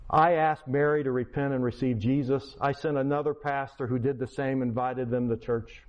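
A man's voice: medium pitch, fairly even intonation, normal speed, few pauses, highs cut off. Man in his sixties preaching a testimony. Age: 60s. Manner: storytelling, acting out dialogue, building to emphatic preaching. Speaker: Christian speaker, schoolteacher. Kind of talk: testimony sermon.

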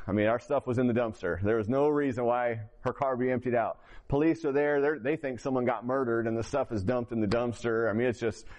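A middle-aged man from Indiana tells his story in an open, plainspoken way, often restarting his sentences. His voice sits in an ordinary middle pitch. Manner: candid, rambling, with many restarts. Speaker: recovering addict telling his story. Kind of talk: personal testimony.

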